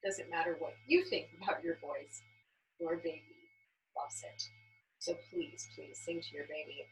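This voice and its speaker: A young woman teaching a baby yoga class, explaining gently and encouragingly with frequent "um" fillers. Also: on the low side, slight background noise, poor audio. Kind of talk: instructional class narration.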